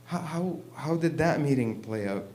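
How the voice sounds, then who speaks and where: Stand-up guy on a live stage, rambly and irreverent, mid pitch. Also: lively intonation, normal speed, darkish tone. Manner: rambling and irreverent, many "you know"s. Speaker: stand-up comedian. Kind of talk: stand-up comedy set.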